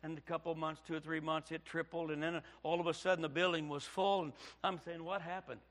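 A middle-aged male pastor, telling his story in a sermon, dropping to hushed tones and then bursting out loud. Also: a little high, level tone, quick pace. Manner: preaching with sudden loud outbursts and hushed storytelling. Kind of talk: sermon testimony.

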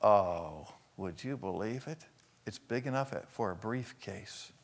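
A man's voice: fairly low pitch, animated, slow, creaky. Man, older, from Arkansas, preacher, folksy storyteller, acts out scenes. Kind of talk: sermon storytelling.

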